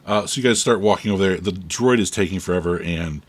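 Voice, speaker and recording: A man running a tabletop game as game master, describing scenes in a relaxed way. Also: low-pitched, quick pace, a crowd in the background.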